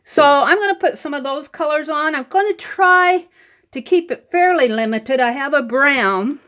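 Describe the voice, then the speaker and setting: A woman's voice: high-pitched, moderate pace, fairly bright tone. A woman hosting a live art stream, chatting casually while she paints, laughing often and greeting viewers by name. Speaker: art livestream host. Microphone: computer mic over wireless connection.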